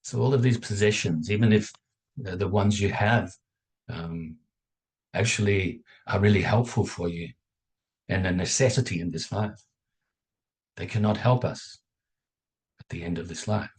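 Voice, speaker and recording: A man with a voice on the low side teaches as a dharma teacher, leading guided contemplation from home over a video call. His delivery is calm and measured, with pauses between phrases and the occasional "okay?" to check in, all captured on the video call mic.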